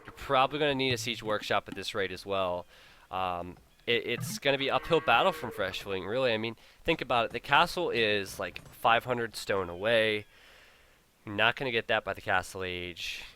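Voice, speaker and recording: A man's voice: lowish voice, moderate pace, bright, forceful tone, slight background noise. A man giving live play-by-play commentary on a strategy game match, chatty and openly incredulous, laughing at the players' blunders. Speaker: game caster.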